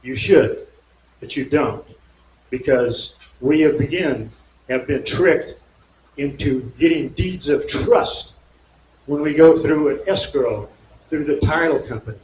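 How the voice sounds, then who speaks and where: Speaking at a local meeting, a slightly high-voiced Californian man slowly reads passages to the audience, then explains and argues over them. He grows fired-up and indignant, rising to shouts with mocking asides, in a roomy, echoing space with faint background noise.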